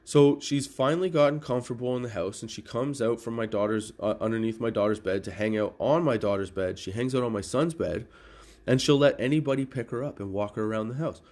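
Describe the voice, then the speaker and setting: A man's voice: medium pitch, fairly quick. A middle-aged man hosting a comedy podcast, telling a casual story with lots of swearing and laughing at his own jokes. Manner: profane, animated, laughs at own stories. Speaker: podcast host.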